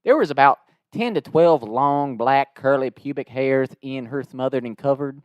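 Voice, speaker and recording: A man voicing an offended Southern husband with a slow, drawling twang, complaining formally in a pompous, straight-faced way. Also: medium pitch, no echo, pitched below the performer's own voice, lightly acted. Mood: indignant. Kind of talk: prank-call impression within a comedic story.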